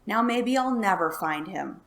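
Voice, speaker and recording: A woman voicing a blustering, hot-tempered male farmer who yells loudly. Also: mid-range voice, lively intonation, measured pace, vocal fry. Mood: yelling. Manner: loud yelling.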